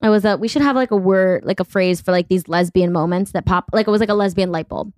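A woman in her thirties hosting a podcast, talking in a blunt, profane, quick-joking way. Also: mid-range voice, darkish tone, dry recording. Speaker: podcast host. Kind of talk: casual podcast chat.

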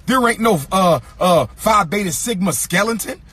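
High, lively man giving a rousing speech. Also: normal speed, slightly rough. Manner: rhythmic, emphatic repetition of lines; occasionally sings or shouts phrases. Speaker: speaker addressing an audience. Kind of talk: impassioned speech.

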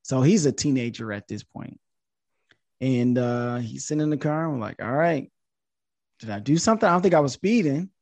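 Animated man telling a story on a podcast. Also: moderate pace, creaky, no echo. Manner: animated, jumps high in pitch when quoting himself. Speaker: podcast guest, social media influencer. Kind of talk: casual storytelling.

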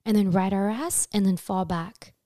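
A young woman hosting a casual chat, telling a story in an animated way, swearing freely and jumping high in pitch when she acts out her screams. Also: moderate pace, dry recording, studio quality. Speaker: podcast host telling a story.

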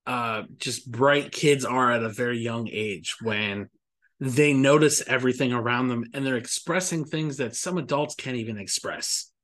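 A man's voice: medium pitch, moderate pace, fairly bright tone. Guy hosting a podcast, medium voice, candid and reflective, video call. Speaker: podcast host. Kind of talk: podcast interview.

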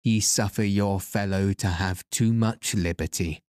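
A man's voice: low voice, fairly even intonation, a little slow, a little mellow, clear, resonant tone, no room sound, studio quality. A man reading aloud as a greedy, foolish older townsman who blusters and boasts. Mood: blustering.

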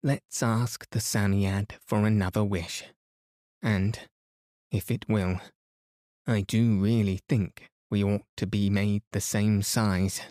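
An earnest young girl from a storybook pleads for fairness in a calm, slow, lowish voice, as a man reads her lines. The voice sounds close and dry. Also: dry recording. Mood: pleading.

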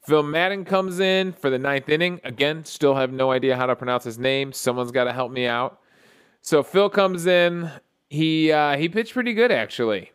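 A man hosting a podcast, recapping a baseball game in a casual solo talk with excited play-by-play storytelling and frequent restarts. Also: on the high side, normal speed, clean tone. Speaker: podcast host.

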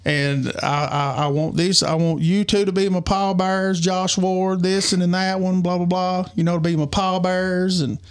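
Guy telling his story on a podcast, kinda high voice, stops and restarts a lot. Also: little pitch movement, clear, resonant tone. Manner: earnest, halting, many restarts. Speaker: podcast co-host. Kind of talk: personal storytelling.

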